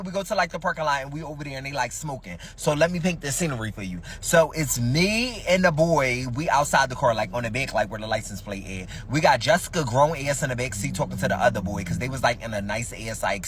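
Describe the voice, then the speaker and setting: Guy telling a wild story real fast, slangy and cussing, husky voice, bit far from the mic. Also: on the high side, fairly bright tone. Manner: slangy, profane, talks straight to listeners. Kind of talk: casual first-person storytelling.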